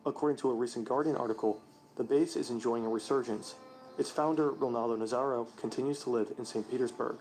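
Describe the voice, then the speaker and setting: A male narrator reading a scripted documentary narration in a measured, even delivery. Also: mid-range voice, faint music behind, rough recording.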